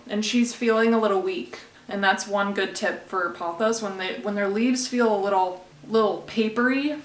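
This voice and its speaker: A woman talking through a casual how-to demo at home. She is chatty and conversational, tossing asides to the viewer. Her mid-pitched voice rings with a roomy echo. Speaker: plant care vlogger.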